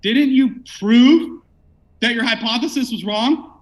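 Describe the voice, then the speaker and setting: A man's voice: very high voice, unhurried. A man arguing heatedly in a debate, combative and mocking, often talking over his opponent.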